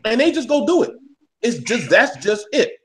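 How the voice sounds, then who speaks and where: A man's voice: extremely high pitch, very animated, normal speed, low-quality recording. A man in a casual panel discussion, speaking bluntly and heatedly, with plenty of swearing.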